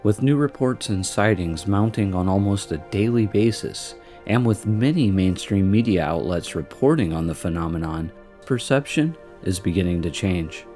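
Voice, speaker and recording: Deep-voiced man narrating a documentary. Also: lively intonation, moderate pace, mellow, soft background music. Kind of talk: scripted narration.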